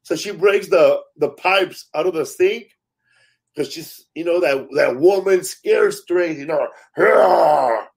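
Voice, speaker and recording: Man, stand-up comic, casual storytelling, fairly high pitch, swears freely, acts out quotes. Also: measured pace, breathy edge.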